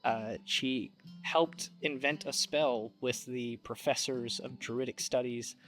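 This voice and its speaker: A man narrating as game master of a tabletop game, relaxed and rambling. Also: mid-range voice, slow, soft background music.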